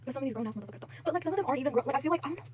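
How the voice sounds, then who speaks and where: A woman's voice: high-pitched, expressive, racing, a little hiss or hum. A woman vlogger in a casual rant to camera, heated and frustrated, with lots of fillers and swearing.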